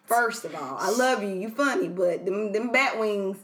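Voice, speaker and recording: A woman's voice: medium pitch, normal speed, slight background noise. Sassy, outspoken young woman, podcast co-host. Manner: blunt, sassy, teasing, trails off quietly. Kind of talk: casual chat.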